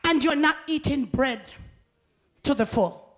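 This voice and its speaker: A woman preaching a sermon with fervor, calling out to the congregation and rising to shouts. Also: high voice, measured pace. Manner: fervent, rising to shouts, laughs often; call-and-response with the congregation.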